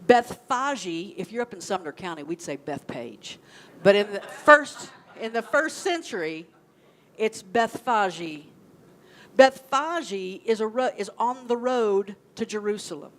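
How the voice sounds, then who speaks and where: A woman's voice: mid-range voice, expressive, measured pace. A woman minister gives a sermon in a conversational way, often asking the congregation questions. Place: church sanctuary.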